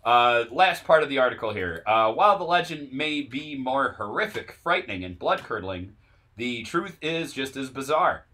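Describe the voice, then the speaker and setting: A man co-hosts a relaxed podcast. He reads passages aloud and then trades quick joking asides, with a voice of middle pitch. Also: slight background noise. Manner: laid-back, reads from an article, jokey asides. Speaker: podcast co-host. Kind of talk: casual chat.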